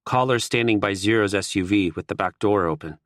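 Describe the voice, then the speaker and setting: A man reads a first-person audiobook in a steady, wry way. His voice sits on the low side. The sound is dry and close, with no room around it. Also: brisk, dry recording. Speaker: audiobook narrator.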